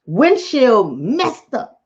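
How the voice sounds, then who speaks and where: A woman's voice: on the high side, wildly swooping pitch, very slow, a little mellow, lo-fi sound. A woman vlogger, talking emphatically and preachily straight to her viewers in a casual commentary monologue.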